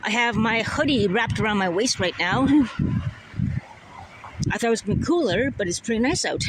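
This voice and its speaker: Slightly hoarse rambling street vlogger. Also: medium pitch, lively intonation, moderate pace, a bit bright, a little hiss or hum, low-quality recording. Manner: rambling, repeats words. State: a bit hoarse, just woke up. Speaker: live-stream vlogger. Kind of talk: casual walking livestream chat. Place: outdoors on a city street.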